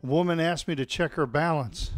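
A man teaching a live-streamed tai chi class at home, calmly calling out movements and telling deadpan puns to an audience he can't hear. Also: a little high, brisk, no room sound, studio quality, faint music behind. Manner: calm cueing of movements mixed with deadpan puns.

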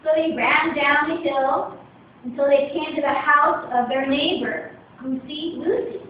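A woman giving a wry, expressive storybook reading at a club meeting, recorded on a distant phone camera. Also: high voice, measured pace, a little hiss or hum. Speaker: speech contest reader. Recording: echoey room from far, dull lo-fi.

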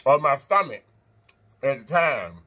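A man hosting an eating-show vlog, chatting to viewers between bites, animated and quick to laugh. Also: mid-range voice. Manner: animated, talks straight to viewers, laughs and chants; talks while eating and blowing on hot food. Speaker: mukbang host.

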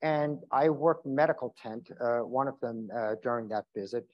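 A man's voice: fairly high pitch, animated, normal speed, darkish tone. A man who is an emergency doctor, giving an informal health seminar with many fillers and restarts. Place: seminar room. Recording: dull lo-fi sound.

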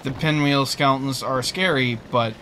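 A man's voice: medium pitch, moderate pace, heavy background noise. A young man chatting in an amused, rambling way as co-host of a game stream. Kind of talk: casual gameplay commentary.

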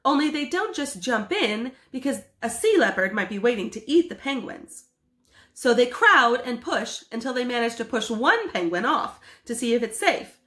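A woman's voice: fairly high pitch, very animated, moderate pace, fairly bright tone. A woman doing an eager, dreamy family man. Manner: eager, wondering. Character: dreamy excitable house painter, middle-aged man. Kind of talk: storybook read-aloud. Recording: echoey room.

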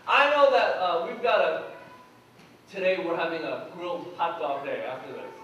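A man's voice: on the high side, moderate pace, a bit bright, lo-fi sound. A man preaching a conversational sermon as pastor, asking the congregation questions and telling funny personal stories. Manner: humorous personal anecdotes. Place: church sanctuary. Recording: echoey church hall from far off.

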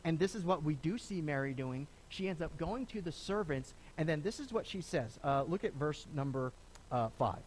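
A high, very animated male voice preaching from a church pulpit. He is a middle-aged pastor who swings his pitch up and down as he talks, stumbling over restarts and slipping into the voices of the people he quotes. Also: moderate pace, a little hiss or hum. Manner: lively, conversational preaching with repeated starts and acted quotes. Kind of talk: sermon. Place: church sanctuary.

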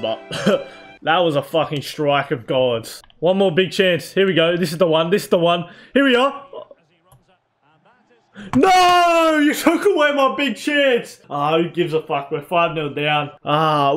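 Young male gaming YouTuber, slightly high voice, excitable play-by-play with swearing. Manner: excitable, swears, shouts at his team. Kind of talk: live gameplay commentary.

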